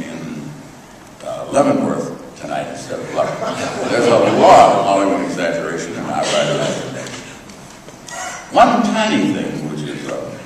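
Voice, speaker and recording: Older man, low voice, dry wit, campus lecture in an echoey hall, recorded from a distance. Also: a little hiss or hum. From United States. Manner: wry storyteller, dry jokes, uh fillers. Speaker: guest speaker. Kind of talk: humorous lecture anecdotes.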